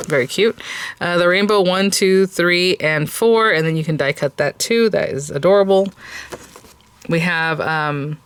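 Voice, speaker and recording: A craft channel host unboxes kits in a casual, enthusiastic chat full of fillers and restarts. Her voice is fairly low, clear and resonant, and she speaks at a measured pace.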